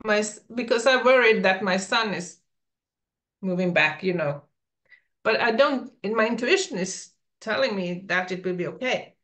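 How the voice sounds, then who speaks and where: A woman on a group call asking for advice, speaking hesitantly with pauses and fillers. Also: medium pitch, fairly bright tone. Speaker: participant asking a question. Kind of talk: casual question on a group call.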